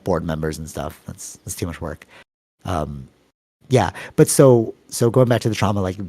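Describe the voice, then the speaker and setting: Podcast co-host, Canadian man, rambling storyteller, warm mellow tone, dry close mic. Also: dry recording. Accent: Canadian English. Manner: long-winded, rambling storytelling with many fillers; acts out quoted voices with sudden pitch jumps. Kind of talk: casual podcast chat.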